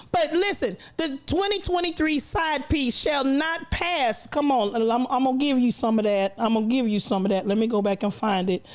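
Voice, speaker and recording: A woman's voice: on the high side, a little mellow. Playful woman streamer, preacher-like cadence. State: recovering voice, coughing. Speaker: livestream host. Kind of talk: casual livestream chat reading comments.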